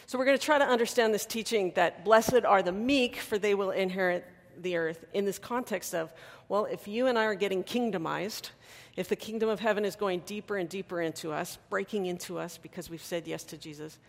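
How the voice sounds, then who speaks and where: A woman pastor preaches in a relaxed, conversational way, animated and light with humor. Her voice sits at an ordinary pitch. It rings out with the long reverb of a big hall. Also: fairly quick. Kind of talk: sermon. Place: church hall.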